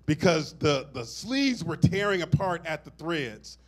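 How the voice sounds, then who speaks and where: A man's voice: a little high, sing-song, measured pace. A middle-aged man preaching a sermon, swelling into emphatic phrases and turning to the congregation with asides and amens. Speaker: pastor.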